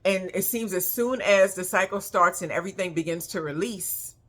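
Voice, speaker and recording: A woman's voice: fairly low pitch, normal speed, a bit bright. A woman vlogger talking earnestly about emotional release, reflective and encouraging. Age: adult with children. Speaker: spiritual vlogger. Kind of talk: casual heartfelt monologue.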